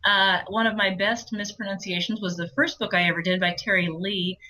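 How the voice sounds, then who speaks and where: Bright-voiced woman audiobook narrator chatting. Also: mid-range voice, fairly quick, rough recording. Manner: chatty, animated storytelling with laughs. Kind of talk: casual interview chat.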